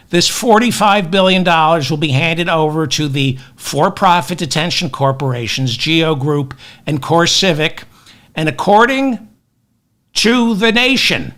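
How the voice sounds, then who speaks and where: A man's voice: high voice, bright, forceful tone. A man hosting a comic news podcast, sardonic and exasperated, mixing rants with asides into his webcam. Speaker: podcast host. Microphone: webcam with automatic tracking.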